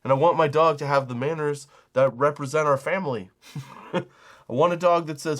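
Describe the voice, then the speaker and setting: Speaking at normal speed with a slightly high voice, a middle-aged comedy podcast host tells stories as a loose, profane monologue. He laughs at his own jokes and raises his voice to act out the people he's quoting.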